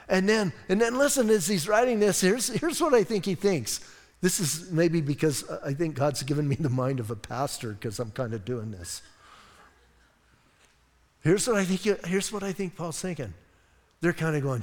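A man's voice: high voice, animated, measured pace. A man preaching a sermon as a pastor, conversational and enthusiastic, addressing a congregation in a church. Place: church sanctuary. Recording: long reverb in a church hall.

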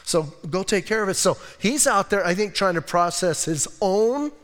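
A male pastor preaching a sermon in an animated, conversational way, acting out quotes and laughing often. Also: sits high, moderate pace, big-room sound.

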